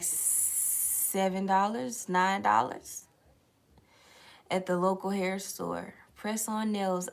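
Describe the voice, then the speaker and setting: A young woman with a lowish, creaky voice hosts a late-night tarot livestream, casually talking with viewers, reading their comments out, and swearing liberally.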